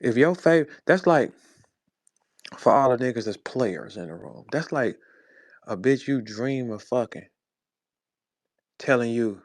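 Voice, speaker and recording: Man in his forties, from St. Louis, profane mocking rant, lively swooping voice, dry sound. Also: medium pitch, measured pace, long pauses, dry recording. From St. Louis, USA. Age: 40s. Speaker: battle rap personality, host. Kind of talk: heated monologue.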